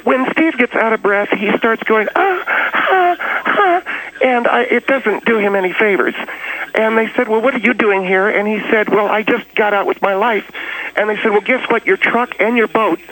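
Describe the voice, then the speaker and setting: A male co-host of a radio comedy show who retells the story with teasing asides. His voice sits high. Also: fairly even intonation, moderate pace, pushed and bright, low-quality recording.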